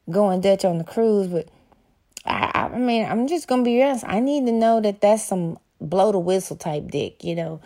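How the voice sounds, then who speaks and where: A woman's voice: medium pitch, warm tone. Brash, profane woman ranting. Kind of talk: explicit comedic monologue.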